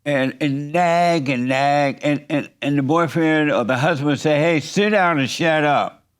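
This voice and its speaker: Blunt man host asking teasing questions, kinda high voice. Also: unhurried, clean tone. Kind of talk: provocative interview questions.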